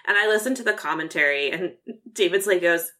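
A woman co-hosting a podcast, chatting casually about a horror film, animated and swearing freely, acting out lines from scenes. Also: lowish voice, brisk. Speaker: podcast co-host.

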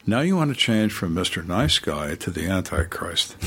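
A man's voice: low voice, sing-song, moderate pace, few pauses, a bit bright, slightly rough. A middle-aged man, a former police interrogator, tells stories in a casual interview and acts out the people in them.

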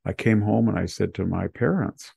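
Low gravelly man telling anecdotes. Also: normal speed, warm tone, dry recording, clean studio sound. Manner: rambling personal anecdotes, conversational. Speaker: podcast host. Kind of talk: casual news roundup chat.

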